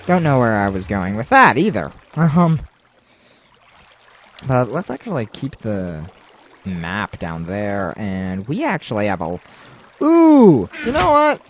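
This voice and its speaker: Slow, rambling man narrating gameplay. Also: on the low side. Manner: rambling, talks to himself, excitable outbursts. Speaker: let's play host. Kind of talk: gameplay commentary.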